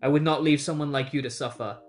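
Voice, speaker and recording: A cold, haughty undersea prince who speaks gravely and formally, put on by a comic recapper in a mid-pitched voice. The lines come out lower and stiffer than the recapper's own talk. Soft music plays faintly underneath. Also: steady tone, quick pace, lightly acted.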